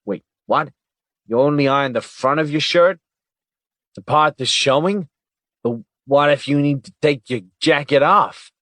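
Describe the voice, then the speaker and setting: A man's voice: fairly high pitch, a little slow, a bit bright, no room sound, pitched above the performer's own voice. A man narrating an audiobook voices a tough-talking, sarcastic male FBI agent with a blunt, mocking way of speaking. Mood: baffled.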